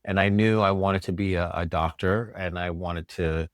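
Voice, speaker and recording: A middle-aged man with a low, deep voice, chatting as a podcast guest. He tells his story in an animated way and slips into the voices of people he quotes. The recording is close and dry, with no room around it. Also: normal speed, dry recording. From New York. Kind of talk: casual interview storytelling.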